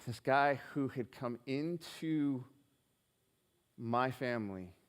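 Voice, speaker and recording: Earnest pastor telling a story in a reverberant hall. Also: male voice, medium pitch, slow pace, clear, resonant tone. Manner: earnest storytelling, quotes dialogue with hesitant restarts. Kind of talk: sermon with personal story. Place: church hall. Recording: live stream in reverberant hall.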